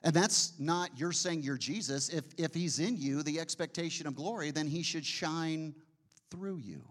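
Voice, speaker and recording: Speaking at a fairly high pitch, a man delivers a conversational sermon. He frequently questions his listeners and drops to a slow hush on important phrases.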